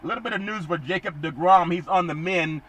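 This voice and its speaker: A man's voice: high-pitched, brisk, fairly bright tone, low-quality recording. A man hosting a solo sports podcast, rambling through baseball news with jokes and repeated catchphrases.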